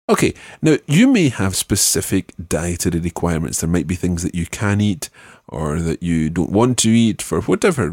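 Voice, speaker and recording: A male language teacher leading a spoken lesson, patiently modelling words slowly and clearly. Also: low-pitched, a little mellow, dry recording, clean studio sound.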